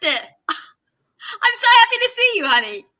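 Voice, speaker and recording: A woman's voice: very high-pitched, big pitch swings, moderate pace, pushed and bright, exaggerated voice. A woman playing a chatty, doting mall kiosk attendant who gushes over the host and calls him honey. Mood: gushing. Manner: gushing, calls people honey. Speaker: guest.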